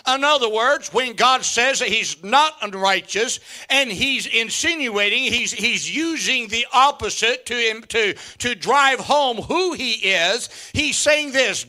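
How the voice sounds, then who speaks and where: Fifty-something pastor preaching hard, super bright sharp voice, repeats lines, shouts now and then. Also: male voice, extremely high pitch. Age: 50s. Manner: emphatic preaching with repetition and sudden shouts; joking asides to the congregation. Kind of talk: sermon.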